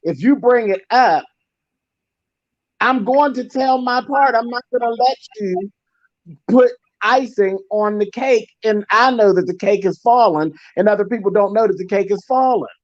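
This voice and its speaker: A man's voice: sits high, moderate pace, no echo, dull audio. A man speaking as a guest on an online panel chat, blunt and emphatic, repeating points for force.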